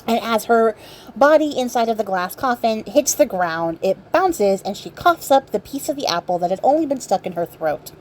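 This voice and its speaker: A woman vlogger casually retelling a fairy tale, sarcastic and irreverent, swearing freely and filling pauses with ums. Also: a little high, dark tone, slight background noise. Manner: chatty, many ums and likes. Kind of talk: casual storytelling while crafting.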